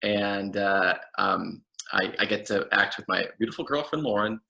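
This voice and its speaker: A man, an actor and guest, telling an absurd comedic story in a rambling, deadpan way with fillers and restarts. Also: on the low side, normal speed, creaky.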